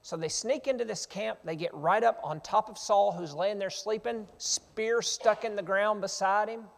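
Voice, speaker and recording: A high-voiced preacher with a gravelly edge reads scripture and retells the story in plain, earnest words. His voice rings out in a reverberant church sanctuary. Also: moderate pace. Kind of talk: sermon with Bible reading.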